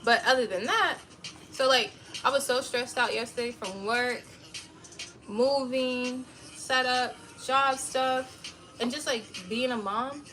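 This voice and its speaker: A woman in her thirties, a livestream host, venting to her viewers in casual, blunt, animated talk with plenty of swearing. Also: high voice, slow pace, slight background noise, low-quality recording. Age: 30s.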